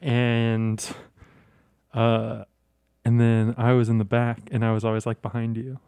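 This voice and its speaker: A young man hosting a casual chat, laid-back, laughing often and pausing on fillers. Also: mid-range voice, completely flat delivery, warm tone, clear, resonant tone, no room sound. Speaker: host.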